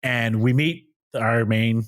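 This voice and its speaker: A man podcast host recapping a movie in relaxed, casual chat. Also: medium pitch, slow, dry recording, clean studio sound.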